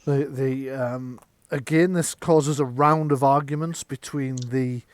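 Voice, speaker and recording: A man's voice: mid-range voice, fairly even intonation, slow pace, no room sound. A man narrating as game master of a tabletop game, with chatty, filler-filled storytelling.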